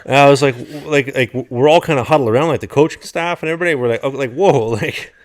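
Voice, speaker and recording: A man co-hosting a podcast, chatting casually and telling animated stories with plenty of swearing. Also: mid-range voice, very fast. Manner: animated storyteller, swears freely. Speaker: podcast co-host.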